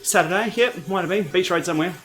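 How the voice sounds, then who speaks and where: A man's voice: high-pitched, fast, a bit bright, slight background noise. A man with an Australian accent hosting a casual cycling livestream, chatting in a laid-back way and answering viewer comments as he rides. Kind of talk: casual livestream chat while riding. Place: home training room.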